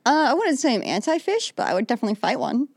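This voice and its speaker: A woman in her twenties, a comedian guest, joking in a self-deprecating way with deadpan asides and frequent giggles. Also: high-pitched, rapid-fire, creaky, dry recording. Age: 20s. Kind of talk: casual comedy chat.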